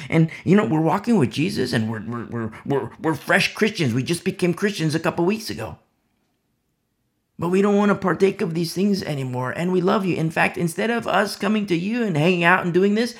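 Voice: mid-range voice, big pitch swings, a little fast. A Bible teacher giving an informal, conversational talk to a home fellowship, rambling with many asides and restarts.

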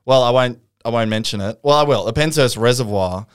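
A man co-hosting a casual chat, reacting quickly and laughing easily. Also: medium pitch, clean tone, no room sound, studio quality. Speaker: podcast co-host.

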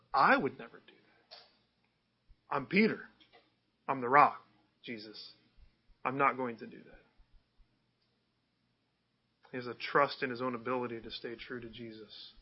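A man's voice: medium pitch, dull audio. A man preaching a sermon in a conversational way, often asking his listeners rhetorical questions. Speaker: pastor.

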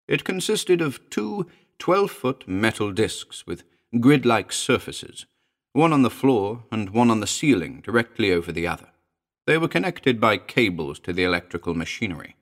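With a fairly low voice, a male audiobook narrator reads a first-person story aloud in a measured, storytelling way.

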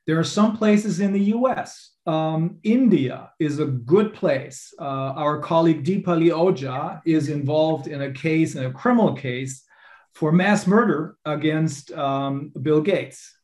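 Male lawyer guest, German accent, higher voice, hesitant delivery full of ums. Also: a little mellow, reverberant. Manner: halting, many fillers and restarts. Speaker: attorney, interview guest. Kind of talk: interview answers.

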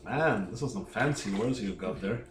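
A man voicing a relaxed male doctor from elsewhere, speaking plainly and casually. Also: fairly low pitch, moderate pace, recorded from a distance, natural voice. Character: easygoing male doctor, outsider adventurer. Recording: echoey room with faint music.

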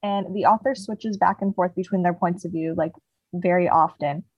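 A woman's voice: on the low side, steady tone, moderate pace, breathy edge, no echo, muffled recording. A young woman co-hosting a podcast, casually retelling a book's plot with lots of "like" fillers. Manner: rambling retelling, heavy "like" fillers. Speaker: podcast co-host. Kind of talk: casual book chat.

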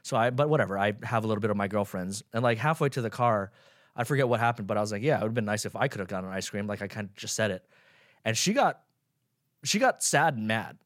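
A young man hosting a solo podcast, ranting sarcastically with plenty of swearing, swinging from loud mock outrage to mumbled asides. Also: fairly low pitch, lively intonation, fast talker, no echo, clean studio sound. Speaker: podcast host. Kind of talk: casual solo podcast rant.

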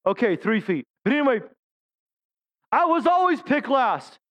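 A man's voice: very high voice, sing-song, a little slow, dull audio. A middle-aged man preaching a sermon, telling funny stories about himself and calling out to his congregation. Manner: humorous storytelling, self-deprecating jokes. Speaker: pastor.

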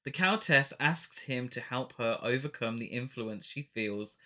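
Bright-voiced man laughing through a plot recap. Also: medium pitch, animated, unhurried. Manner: giggly, retells the plot with frequent laughs. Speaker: podcast co-host. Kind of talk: casual film-review chat.

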